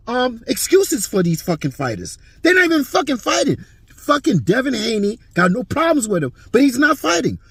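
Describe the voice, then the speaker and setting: A man's voice: extremely high pitch, breathy edge, dry recording. A man hosting his own boxing channel, ranting hotly and swearing constantly. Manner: heated, profane, ranting. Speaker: boxing commentary channel host. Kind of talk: profane boxing opinion rant.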